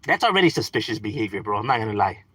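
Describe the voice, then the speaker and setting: A man's voice: fairly low pitch, sing-song, very fast, bright, forceful tone, slightly rough, no room sound, low-quality recording. A man streaming live, talking in a laid-back, slangy way and chatting to his viewers. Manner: laid-back slangy talk with frequent "like" and "bro". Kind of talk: casual live-stream chat.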